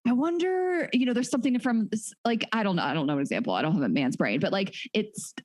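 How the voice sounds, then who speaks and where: A woman's voice: mid-range voice, sing-song, quick pace, dry recording. A woman co-hosting a podcast, chatting frankly with many "like" fillers. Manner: candid, talkative, full of "like" fillers. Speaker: podcast co-host. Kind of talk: casual podcast chat.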